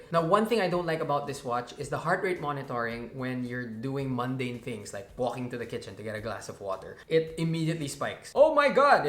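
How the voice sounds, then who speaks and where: A man's voice: medium pitch, fairly bright tone. Playful chatty man in an echoey room. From Philippines. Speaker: tech reviewer, channel host. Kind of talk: casual tech review to camera.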